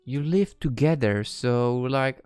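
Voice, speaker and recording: Sleepy guy reading a visual novel out loud, offhand mumbly asides, dry sound. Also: medium pitch, takes it slowly, smooth, no room sound, faint music behind. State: tired, yawning. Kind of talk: reading game text aloud with casual asides.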